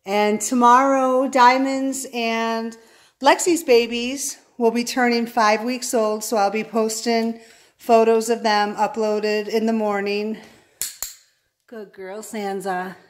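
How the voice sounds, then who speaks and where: A woman dog breeder talking casually to camera, switching between high sing-song calls and softly murmured praise for puppies. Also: level tone, takes it slowly. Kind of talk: casual vlog talk to camera.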